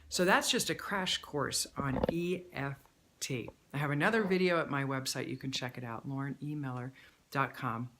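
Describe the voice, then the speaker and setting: A woman's voice: low voice, normal speed, slight background noise. Woman coach, self-filmed, soothing affirmation-style teacher. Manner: calm, repetitive, speaks affirmations while tapping. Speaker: stress management coach. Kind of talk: self-help tutorial with spoken affirmations. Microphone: handheld camera at arm's length.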